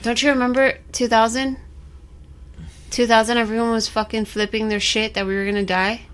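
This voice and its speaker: A woman's voice: a little high, flat delivery, brisk. Woman, chatty, casual, easygoing podcast banter. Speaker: podcast co-host.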